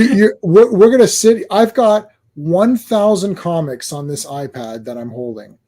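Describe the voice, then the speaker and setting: A man's voice: a little high, darkish tone. A man hosting a casual wrestling podcast, telling long rambling stories and laughing at himself. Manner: rambling, self-amused storytelling. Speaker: podcast host. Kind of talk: casual chat.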